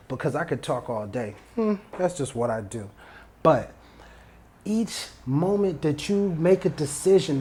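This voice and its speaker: A man's voice: fairly high pitch, darkish tone. Man musing in a casual solo podcast. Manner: repetitive, emphatic, digressive street-casual talk. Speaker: podcast host. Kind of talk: solo motivational podcast monologue.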